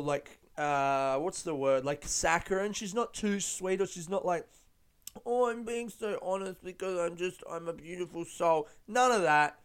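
A man's voice: fairly high pitch, clear, resonant tone. A young man hosting a podcast, chatting casually on his own, rambling, swearing freely and breaking into his own jokes. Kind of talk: casual solo chat.

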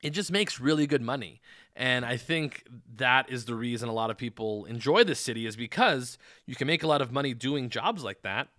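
Crisp, forceful man telling a rambling story. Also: mid-range voice, a little fast, no room sound, studio quality. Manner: meandering, with many fillers and restarts. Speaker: podcast host.

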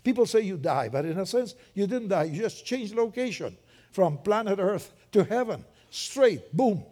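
An older man preaching a sermon in a lively, conversational way with joking asides. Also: high voice, moderate pace.

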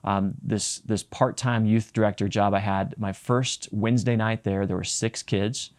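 A man's voice: on the low side, fairly even intonation, a little slow, darkish tone. A man preaching a sermon as pastor, reading scripture and explaining it earnestly, often repeating and restarting phrases. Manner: reads scripture aloud, then explains it.

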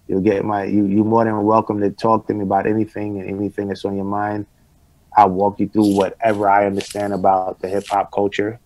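A man's voice: lowish voice, monotone, a little fast, darkish tone, no room sound, low-quality recording. A man appearing as a guest in a casual video-call conversation, talking bluntly and emphatically, with plenty of swearing. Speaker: podcast guest.

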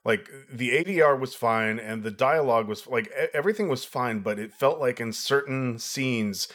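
A man's voice: mid-range voice, normal speed, fairly bright tone. A man co-hosting a casual film review chat, explaining his views thoughtfully and at length. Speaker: podcast co-host.

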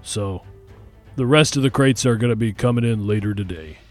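A man's voice: lowish voice, moderate pace, soft background music, voice pushed down, natural voice. A man voicing a male orc dockworker giving a plain status report. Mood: matter-of-fact.

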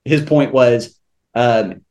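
A man's voice: medium pitch, very slow. Earnest man talking faith and money. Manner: earnest, animated storyteller with frequent restarts. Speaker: returning podcast guest. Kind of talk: faith-based podcast conversation.

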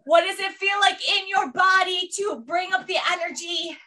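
A high, bright woman's voice leads the class, encouraging and upbeat as she cues stretches and breathing. She takes her time between cues, and her voice carries from a little way off the mic. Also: steady tone, moderate pace, far from the mic. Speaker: fitness class instructor. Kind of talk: guided movement and mindfulness class.

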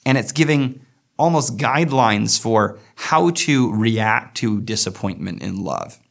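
A man's voice: on the low side, animated, gravelly. A man giving a thoughtful lecture on a poem, reading lines of verse aloud and picking them apart. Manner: thoughtful, reflective, reads verse aloud slowly. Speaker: literature lecturer. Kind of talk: poetry lecture with read-aloud quotes.

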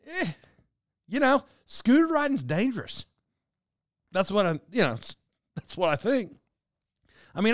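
A man's voice: fairly high pitch, smooth, dry recording, studio quality. A young man telling a story casually, rambling with restarts and chuckling as he goes.

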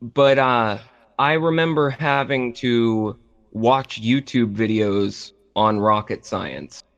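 A man in a casual gaming podcast chat, mid-pitched, winding through his thoughts with fillers and restarts. The audio is slightly dull and lo-fi. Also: slow, a bit bright. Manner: rambling, enthusiastic, many fillers and restarts.

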